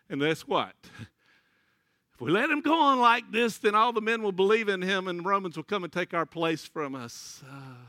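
A man's voice: a little high, sharp tone, no room sound, clean studio sound. A man preaching a folksy sermon, telling stories and laughing often. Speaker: pastor.

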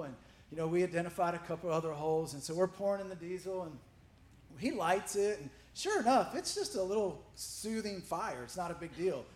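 A male pastor telling a funny story to his congregation as part of a sermon, animated and laughing as he goes. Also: sits high, echoey room.

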